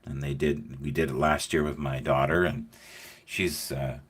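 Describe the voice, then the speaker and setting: A man's voice: a bass voice, normal speed, breathy edge. A middle-aged man hosting a casual chat, telling stories and acting out the voices of the people in them. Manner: animated storyteller acting out quoted voices. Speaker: host.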